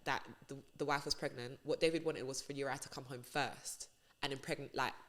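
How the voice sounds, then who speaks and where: A young woman, a radio presenter chatting as a podcast guest and telling stories in an animated, slangy way. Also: rumbling low, brisk. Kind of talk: casual podcast chat.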